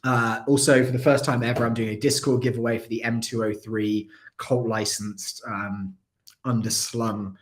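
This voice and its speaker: Male streamer, mid pitch, casual and apologetic, keeps coughing from a dry throat. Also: little pitch movement, normal speed. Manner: chatty, rambling, apologetic. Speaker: airsoft channel host. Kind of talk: casual livestream chat.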